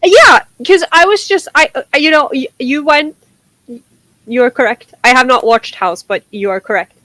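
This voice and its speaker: Chatty woman with a high voice. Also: lively intonation, moderate pace, sharp tone, slight background noise. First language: Norwegian. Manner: chatty, laughs readily, rambling restarts. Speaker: podcast co-host. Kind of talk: casual chat.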